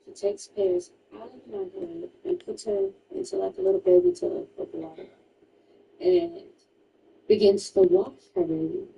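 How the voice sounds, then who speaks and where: A woman's voice: extremely high pitch, very animated, moderate pace, vocal fry, warm tone, distant mic, slight background noise, rough recording. A woman streamer casually retelling a true crime story while gaming, emphatic and chatty, full of "like" asides.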